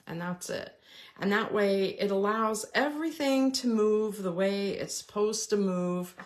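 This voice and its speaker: A middle-aged woman talks through a paper-craft project at an unhurried pace, chatty and practical as she works. Her pitch sits in an ordinary middle range, and she pauses to explain each step as her hands keep busy. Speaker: card-making tutorial host. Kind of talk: casual crafting tutorial.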